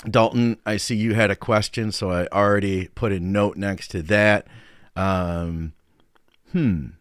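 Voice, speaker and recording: A fairly low-voiced, middle-aged American man chats through a live stream, reading out viewer comments and greeting people by name. His delivery is upbeat and easygoing. The sound is dry and close to the mic. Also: fairly even intonation, unhurried, dry recording. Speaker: podcast host and coach. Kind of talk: casual live-stream chat.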